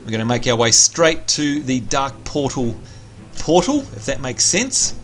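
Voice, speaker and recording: A man livestreaming a video game, chatting casually, reading out viewer messages and giving shout-outs, with excitable bursts while he plays. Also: mid-range voice, a little slow, a little hiss or hum.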